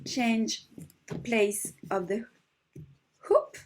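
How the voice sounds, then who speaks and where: A woman's voice: a little high, drawn-out words. A woman with a French accent, speaking English as a second language, patiently walking viewers through an embroidery stitch step by step. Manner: gentle, patient, slightly broken English. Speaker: embroidery teacher. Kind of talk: slow step-by-step craft demonstration.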